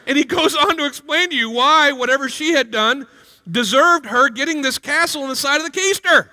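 A middle-aged man preaching a sermon with lively, comic acted-out stories, jumping into playful character voices. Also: very high-pitched, a little fast. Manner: animated, jumps into playful character voices and exclamations. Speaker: pastor. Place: large church hall. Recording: live sermon with long hall reverb.

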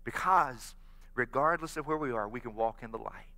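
A man's voice: mid-range voice, moderate pace, sharp tone. A man preaching a sermon as pastor, earnest and inviting the congregation to repeat phrases after him. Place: church sanctuary. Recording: long reverb of a church hall.

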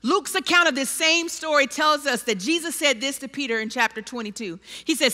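A woman preacher giving a sermon in a large church, animated and self-deprecating, with dramatic scripture readings. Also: high voice, fairly quick, few pauses. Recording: long reverb of a large hall.

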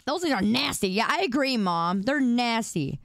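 A woman's voice: fairly high pitch, animated, moderate pace, gravelly, no room sound. A young woman streaming live, chatting playfully and teasing her viewers while she eats. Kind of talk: casual live-stream chat.

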